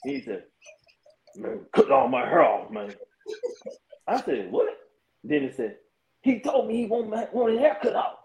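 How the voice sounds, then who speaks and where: Chuckling barber in an echoey room. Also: male voice, high-pitched, a little slow, vocal fry, pauses often, dull audio. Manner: relaxed, chuckling storyteller. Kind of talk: casual storytelling. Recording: roomy echo.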